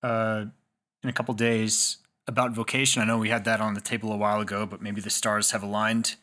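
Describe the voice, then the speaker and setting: A man with a fairly low voice, chatting as a podcast co-host. He is easygoing and loose, with plenty of fillers and light laughs. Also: level tone, a little fast, sharp tone. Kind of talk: casual chat.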